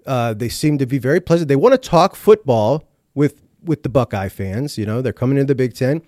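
A man's voice: mid-range voice, lively intonation, brisk, a little mellow, no echo, clean studio sound. A middle-aged man from Ohio, hosting a show and giving fired-up, opinionated commentary with frequent swearing. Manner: emphatic, ranting, swears freely. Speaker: podcast host.

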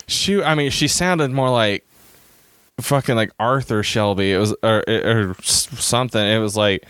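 A man's voice: lowish voice, moderate pace, fairly bright tone, clear, resonant tone, dry recording. A man telling rambling, self-mocking travel stories in a casual chat, acting out the people he quotes.

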